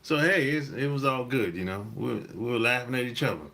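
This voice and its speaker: A man hosting a dating-advice channel, talking in a relaxed, rambling monologue, repeating his points and laughing often. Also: mid-range voice, fairly quick. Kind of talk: casual monologue.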